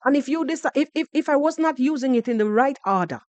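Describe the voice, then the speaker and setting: Animated Jamaican woman, mocking commentary. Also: sits high, fast, dry recording. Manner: animated, mocking, switching into patois, repeating words. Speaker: podcast host reacting to other creators. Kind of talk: heated reaction commentary.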